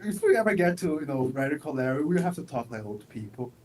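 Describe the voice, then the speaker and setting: A young man co-hosting a stream, talking casually with dry, low-key replies. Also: very animated, fast, darkish tone, a little hiss or hum, low-quality recording. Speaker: stream co-host.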